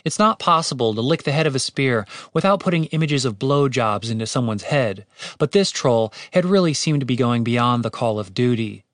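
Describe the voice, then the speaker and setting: A man narrating an audiobook in a steady, wry way. His voice sits at a middle pitch and is recorded close and dry. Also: normal speed, no echo. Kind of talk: scripted narration.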